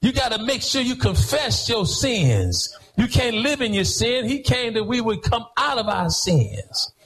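A pastor preaching a sermon in church, rhythmic, swinging between half-sung phrases and shouted lines. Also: male voice, very high-pitched, big pitch swings, unhurried, poor audio.

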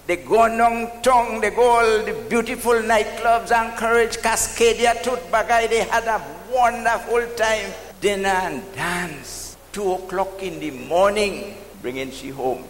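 Trinidadian guy doing standup, high-ish voice, chatty and teasing, big echoey hall, bit of room noise. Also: unhurried, few pauses. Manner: chatty, teasing asides to the crowd. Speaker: comedian. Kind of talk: stand-up storytelling. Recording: live show in a reverberant hall with faint ambience.

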